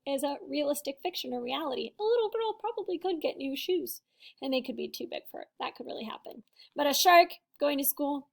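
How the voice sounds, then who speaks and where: A woman, a first-grade teacher, reading a picture book aloud to young children in an expressive, sing-song way. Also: sits high, creaky.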